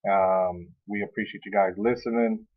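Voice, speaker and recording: A man co-hosting a casual podcast chat, animated, often laughing and acting out what people say. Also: on the low side, moderate pace. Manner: animated, acts out quoted voices, laughs often. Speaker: podcast co-host. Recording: tinny phone-like audio.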